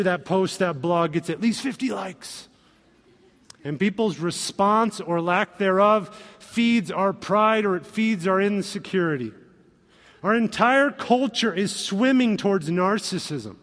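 A man preaching a sermon as pastor, animated and acting out quoted voices. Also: high voice. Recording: long reverb of a hall.

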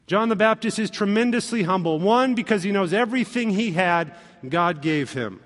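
Male pastor, high voice, animated sermon delivery, reverberant church sound. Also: moderate pace, hardly any pauses. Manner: animated, acts out quoted voices with humor.

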